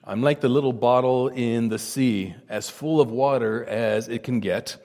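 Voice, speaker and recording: A man preaching a sermon in an earnest, testifying manner, his voice dropping low and quiet at reverent moments. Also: unhurried, long reverb tail.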